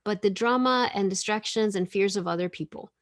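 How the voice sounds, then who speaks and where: Over a video call, a woman hosting an online spiritual gathering reads oracle cards to the group, gushing with casual enthusiasm. Her voice is mid-range and she speaks fairly quickly.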